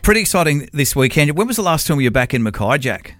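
A man hosting breakfast radio from Australia, relaxed and bantering with his guest. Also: on the high side, fast talker, dry recording, clean studio sound. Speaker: radio host.

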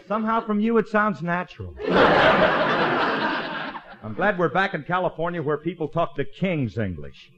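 An actor playing a boastful, wisecracking bandleader husband in a 1940s radio comedy, trading jokes in a lively way. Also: male voice, a little high, moderate pace, long pauses. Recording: muffled old radio broadcast with hiss. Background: studio audience laughter.

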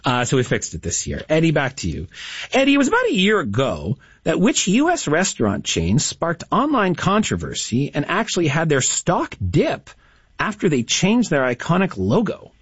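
A man's voice: a little high, huge pitch swings, moderate pace, slightly rough, dry recording. A man hosting a radio call-in trivia quiz, chatty and encouraging with the callers. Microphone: studio broadcast mic. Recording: slightly dull, dry studio mic.

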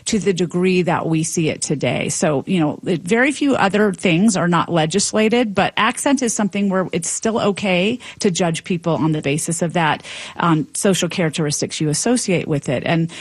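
A woman, a linguistics professor, explaining as a guest in conversational style with articulate, lively emphasis. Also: lowish voice, moderate pace, breathy edge, dry recording.

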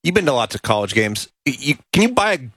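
Quick-talking male co-host. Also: mid-range voice, big pitch swings, a bit bright, slight background noise. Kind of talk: casual chat.

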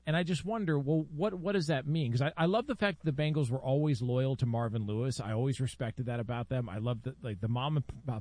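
A man co-hosting a casual sports talk show, posing probing questions and thinking out loud. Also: mid-range voice, no echo.

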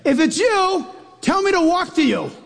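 A man voicing a big, burly male fisherman, with his voice pushed much higher and calling out eagerly in a dare. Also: moderate pace, vocal fry, big-room sound, exaggerated voice. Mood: bold, eager. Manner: excited, daring pleading.

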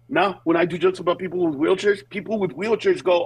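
A man's voice: sits high, fairly quick, few pauses, breathy edge. A middle-aged male comedian on a phone call, telling stories and acting out other people's voices in a casual interview. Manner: animated storytelling, acts out voices of others. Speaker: comedian guest. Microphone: phone with Bluetooth.

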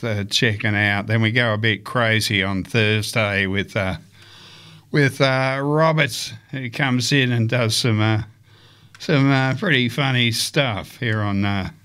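A man hosting a community radio drive show, chatting loosely between songs with many pauses and fillers. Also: fairly low pitch, fairly even intonation, sharp tone, clear, resonant tone. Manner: unhurried, many fillers and hesitations.

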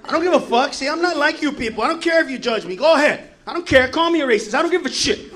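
A man's voice: extremely high pitch, animated, fast talker, a bit bright. A man doing a brash, profane stand-up comedy set with mock-defiant swagger.

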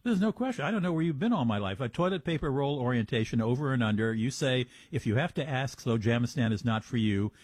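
A man's voice: medium pitch, expressive, fast talker, hardly any pauses, dry recording. A man hosting a radio talk show, reading sponsor copy and introducing a guest in an upbeat, playful way.

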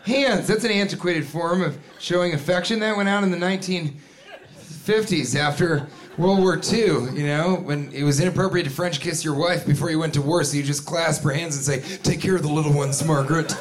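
A man performing a stand-up comedy set, animated and jumping into loud put-on voices and shouts. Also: on the high side, normal speed. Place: comedy club stage with a live audience. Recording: live club recording with crowd laughter and noise. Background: audience laughing.

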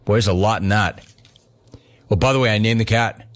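Speaking fairly quickly in a lowish voice, this middle-aged sports radio host chats his way through listener questions. His storytelling is animated, and he performs the dialogue he quotes.

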